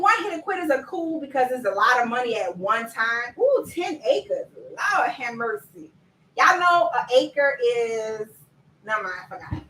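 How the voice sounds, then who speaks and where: High-pitched woman chatting on a live stream, laughs a lot, echoey room. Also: distant mic, slight background noise. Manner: lively, chatty, laughs often, talks to viewers directly. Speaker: business coach. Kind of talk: live-stream chat with viewers.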